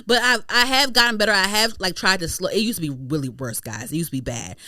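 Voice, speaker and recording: A woman from Maryland hosting a podcast in casual chat. She talks fast into a studio mic, with tumbling restarts. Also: fairly low pitch, pushed and bright, dry recording. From Prince George's County, Maryland. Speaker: podcast host.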